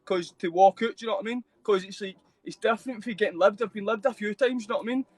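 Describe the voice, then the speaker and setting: A man's voice: high voice, very fast, no echo. A Scottish man telling his story as a guest on a live show, rambling and swearing, with constant fillers. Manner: rambling, heavy swearing, constant "mate" and "know what I mean".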